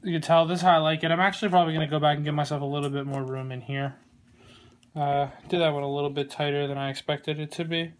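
A man giving a casual how-to tutorial on a glove, relaxed and rambling, with plenty of fillers and small jokes. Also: fairly high pitch, fast talker. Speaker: glove maker demonstrating lacing. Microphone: phone camera.

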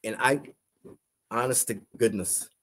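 A middle-aged man with a husky, breathy voice recounts a personal testimony. He speaks earnestly, circling back on his words and restarting sentences as he goes. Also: mid-range voice, measured pace, bright, forceful tone. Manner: earnest, repeats himself, frequent restarts. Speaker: guest sharing a testimony.

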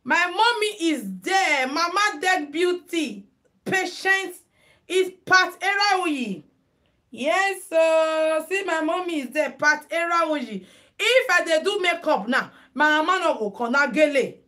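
High-voiced Nigerian woman, slow and chatty. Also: lively intonation, pushed and bright. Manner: chatty, mixes Pidgin, greets viewers by name. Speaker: live stream headwrap tutor. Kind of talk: casual live stream chat. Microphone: phone.

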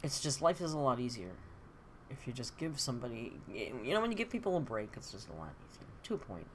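A woman's voice: very deep voice, very animated, quick pace, a little hiss or hum. A middle-aged woman hosting a live stream, chatting candidly and answering comments from her viewers. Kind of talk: casual live-stream chat.

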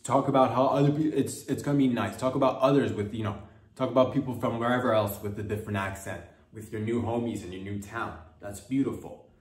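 A man's voice: mid-range voice, fast talker, far from the mic. Man riffing playfully, roomy off-mic sound. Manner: playful, riffing, drifts into mock accents. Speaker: comedy podcast host. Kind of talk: rambling comedic monologue.

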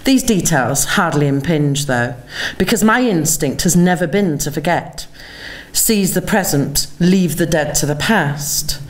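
A woman, an author giving a measured, reflective reading of her own memoir at a conference, with lingering pauses. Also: low-pitched, animated. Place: conference venue.

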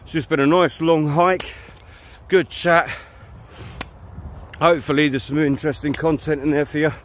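Chatty, swearing hiker. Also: male voice, on the high side, level tone, normal speed, slight background noise. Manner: chatty, blunt, swears freely. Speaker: hiking vlogger. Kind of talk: casual walking vlog monologue. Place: outdoors on a riverside countryside path.

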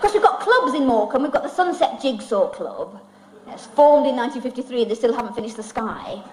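A woman's voice, on the high side and darkish in tone, moves a little fast with lively intonation. She is an English comedian doing comic songs and dry, self-mocking stand-up live, preserved on an old vinyl record along with music and audience.

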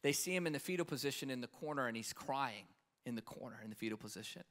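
A man preaching a sermon at a live conference, passionate, his voice swinging between loud, urgent stretches and hushed, quiet ones. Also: mid-range voice, lively intonation, fast talker. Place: conference hall stage.

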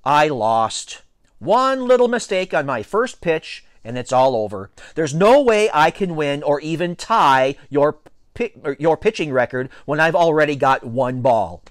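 An anxious, indignant young boy from a storybook who protests everything in a whiny voice, played by a man reading aloud. His pitch jumps around wildly. The recording is dry. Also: sing-song, measured pace, no room sound. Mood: mock-sorry.

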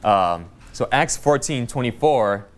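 A man teaching a Bible study to a small church group, reading scripture aloud and speaking in a halting way with many fillers and restarts. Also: medium pitch, lively intonation.

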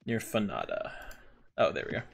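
A man's voice: sits low, huge pitch swings, normal speed, vocal fry, slight background noise. A young man streaming a game, commenting casually and irreverently, swearing freely. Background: faint game music.

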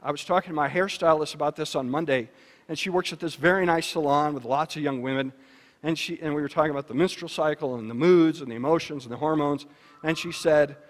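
A man speaking at a luncheon, giving an educational talk to parents in an animated, storytelling manner. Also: fast talker. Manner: animated storytelling with shifts in pitch and loudness. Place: banquet hall. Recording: reverberant hall.

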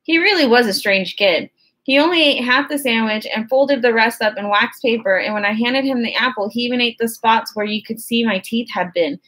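A woman reads an audiobook in the first person, with a conversational, wry delivery. Her voice sits a bit on the high side. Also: fairly quick, a bit bright. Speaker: audiobook narrator.

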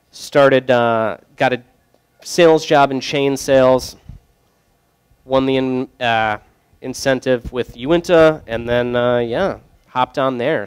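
Joking young man with a smooth voice. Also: medium pitch. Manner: joking, loose, rambling with many fillers. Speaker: brewery sales rep. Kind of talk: casual storytelling to a group.

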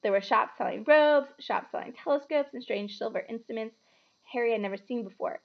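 A woman reading a children's book aloud with expressive, animated storytelling. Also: on the high side, fairly quick, vocal fry, highs cut off.

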